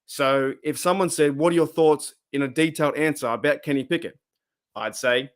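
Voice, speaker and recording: A man's voice: medium pitch, moderate pace. An Australian man hosting a live sports podcast, fired up and rambling as he reads chat comments aloud. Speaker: podcast host.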